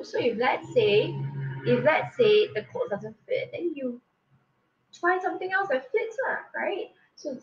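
A woman's voice: fairly high pitch, fairly bright tone, distant mic, highs cut off, slight background noise. Chatty woman with a lilt. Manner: candid, chatty, drops in "lah". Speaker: podcast co-host. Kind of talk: casual podcast chat.

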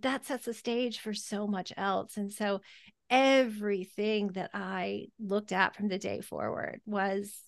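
A woman podcast host telling a heartfelt personal story in a halting, emotional way, close to tears. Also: mid-range voice, steady tone, gravelly, dry recording. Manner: halting, emotional, many restarts and fillers.

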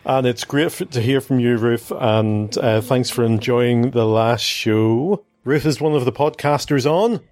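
A middle-aged man hosts a relaxed family podcast at a middle pitch. He talks in a chatty, teasing way and jokes easily with his daughters. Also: measured pace, few pauses, faint music behind. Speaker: podcast host and father. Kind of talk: casual family podcast chat.

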